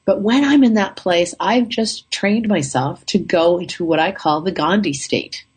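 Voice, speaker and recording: Low, husky-voiced woman telling a story. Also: unhurried. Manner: upbeat, chatty, relaxed. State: slightly rough throat. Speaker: vlogger telling a travel story. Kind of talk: casual storytelling monologue.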